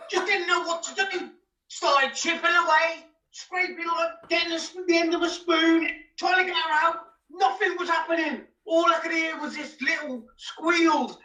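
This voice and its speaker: A woman's voice: very high voice, pushed and bright. A woman improvising a comic monologue for a drama group, telling it in a frantic, exclamatory rush over a video call. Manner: frantic, exclamatory, breathless storytelling. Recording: roomy, distant video call audio.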